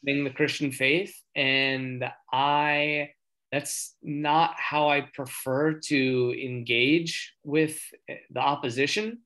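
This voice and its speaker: A man telling a story in casual chat, earnest and rambling, getting excited as he talks. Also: a little high, slow pace. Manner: earnest, excitable when talking faith; rambling with many fillers and restarts.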